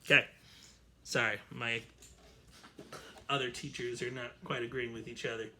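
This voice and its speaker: Bright-voiced man teaching strings. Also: medium pitch, steady tone, moderate pace, slight background noise. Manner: chatty, explanatory, self-correcting. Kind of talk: online music lesson. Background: violin playing.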